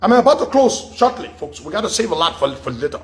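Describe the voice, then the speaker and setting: A man's voice: sits high, quick pace. A middle-aged man, hosting a radio talk show and telling a long story, acting out the voices of the people he quotes. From Liberia. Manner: animated, acts out quoted dialogue in shifting voices. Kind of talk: storytelling monologue.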